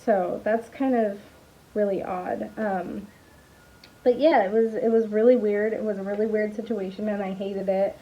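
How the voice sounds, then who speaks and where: A woman's voice: mid-range voice, steady tone, moderate pace, highs cut off. A young woman and small business owner in a casual storytime vlog, telling a frustrating story in a chatty, exasperated way with sighs and laughs.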